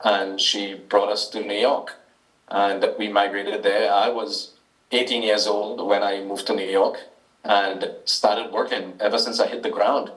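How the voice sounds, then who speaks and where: A lower-pitched man with a Trinidadian accent, speaking as an interview guest in an echoey room, set back from the microphone. He talks hesitantly, with many ums and restarts. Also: level tone, a little slow, a bit bright, far from the mic. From Trinidad and Tobago. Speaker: author, guest. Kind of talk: interview answers.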